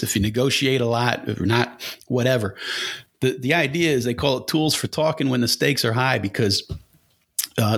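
A man's voice: mid-range voice, breathy edge. A man hosting a casual solo podcast, rambling bluntly with casual swearing and rhetorical questions. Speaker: podcast host.

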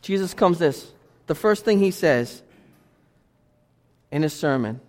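A pastor preaches in church, driving his points home with emphatic repetition in a voice that sits high for a man and is a little mellow. He is animated but slow, pausing often, while long reverb rings off the sanctuary walls.

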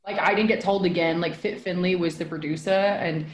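A woman's voice: fairly low pitch, steady tone, a little fast. A woman, a former pro wrestler, telling stories in a casual group chat, full of "like" fillers and frequent swearing. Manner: chatty, many "like" fillers, swears freely. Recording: echoey room.

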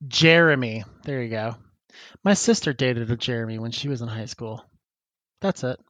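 A man's voice: medium pitch, normal speed, fairly bright tone, no room sound. A man co-hosting a casual podcast, who laughs often and rambles while he reads listener emails and chats. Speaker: podcast co-host.

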